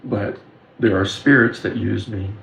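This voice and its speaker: Fairly low-pitched yet fairly bright, this creaky male voice keeps a steady tone. He is a video creator from the Windsor, Ontario and Detroit area, delivering an earnest, intense monologue of personal stories about his spiritual experiences, with filler pauses. An echoey room carries faint background noise.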